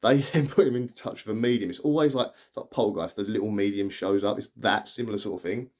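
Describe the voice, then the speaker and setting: A man's voice: fairly low pitch, fast, darkish tone. A man, chatting casually and rambling through a film plot, often restarting his sentences. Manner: rambling, chatty, full of restarts and acted-out quotes. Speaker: film reviewer. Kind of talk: casual spoken film recap.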